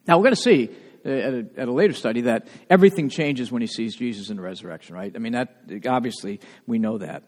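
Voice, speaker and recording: A man with a New England accent, a pastor preaching a sermon in a lively, conversational way, full of rhetorical questions. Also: medium pitch, fast talker. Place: church sanctuary. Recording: long church reverb.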